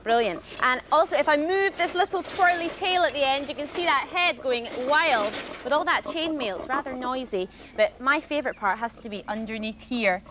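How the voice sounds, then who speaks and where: A woman's voice: high voice, normal speed, few pauses, background noise. A woman presenting a children's TV show, recorded outdoors in a garden, bubbly and enthusiastic.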